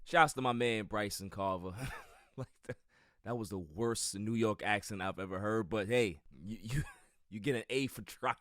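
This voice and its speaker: A man hosting a sports podcast in casual talk, emphatic and animated, often repeating words as he builds a point. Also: lowish voice, normal speed, dry recording, clean studio sound. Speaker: podcast host.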